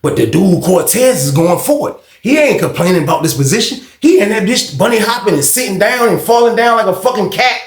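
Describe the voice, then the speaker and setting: A man's voice: sits high, animated, brisk, few pauses. A man telling a story in a loose, slangy way, swearing freely as he goes. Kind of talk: casual storytime. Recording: roomy echo.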